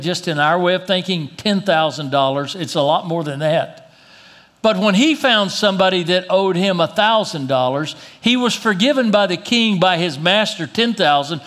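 A man preaching a sermon as pastor, reading scripture aloud and dropping low and slow to press his points, with an occasional cough. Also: fairly bright tone. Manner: reads scripture then drops low and slow for emphasis; coughs now and then.

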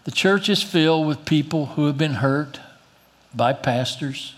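A man preaching a sermon as pastor, reading scripture aloud and dropping low and slow to press his points, with an occasional cough. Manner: reads scripture then drops low and slow for emphasis; coughs now and then.

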